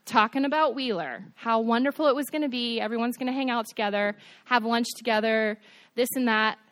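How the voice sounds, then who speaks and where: A young woman giving a youth sermon, animated and asking her listeners questions. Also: fairly high pitch, fairly quick, dry recording. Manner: animated, asks the audience questions. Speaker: youth pastor.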